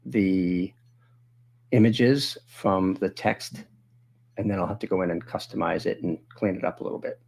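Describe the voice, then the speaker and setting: A man hosting a live webinar, chatting casually and thinking aloud as he demonstrates software and answers viewer questions. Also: mid-range voice, gravelly.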